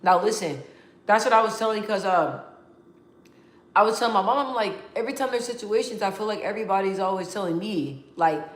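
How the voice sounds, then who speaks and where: A woman's voice: medium pitch, animated, a little fast. A young adult woman talking candidly in a casual vlog, emotional and rambling, with frequent restarts and repeated words. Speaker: vlogger. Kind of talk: casual heartfelt vlog talk. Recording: roomy echo.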